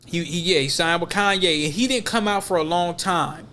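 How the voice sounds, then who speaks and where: A man's voice: high voice, normal speed, sharp tone, slight background noise. A man co-hosting a podcast, talking in a loose, rambling, emphatic way full of slang. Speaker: podcast co-host. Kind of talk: casual podcast chat.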